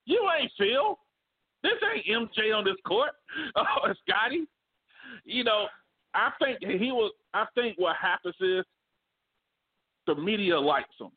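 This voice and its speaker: High-pitched man, sports talk co-host, lively and slangy, heard over a phone-like call. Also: a little slow, long pauses. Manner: animated, laughs often, slangy. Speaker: podcast co-host. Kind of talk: casual sports debate. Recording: phone-like remote call audio.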